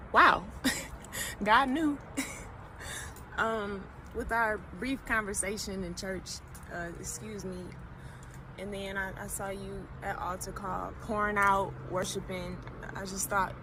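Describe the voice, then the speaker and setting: Woman, unhurried and halting, giggly, outdoor clip with clear background noise. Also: medium pitch, steady tone. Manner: hesitant, giggly, trails off. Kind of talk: casual chat in a played clip.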